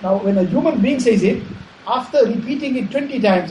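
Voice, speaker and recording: A man giving a measured Islamic sermon, repeating phrases and explaining Arabic terms. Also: very high-pitched, mellow, a little hiss or hum. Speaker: Islamic preacher. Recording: echoey room, faint ambience.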